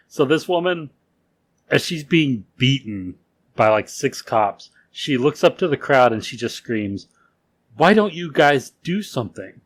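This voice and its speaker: A man co-hosting a podcast, telling a history story in a casual way, laughing often and using loose fillers. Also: mid-range voice. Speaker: podcast co-host.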